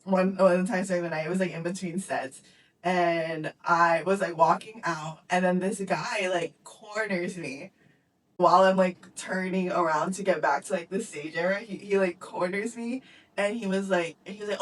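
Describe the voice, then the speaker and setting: A woman's voice: fairly low pitch, normal speed, far from the mic, low-quality recording. A woman in her twenties, co-hosting a podcast, chatting casually and acting out the dialogue in her stories. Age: 20s. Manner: animated storytelling, acting out dialogue. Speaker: podcast co-host. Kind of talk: casual chat.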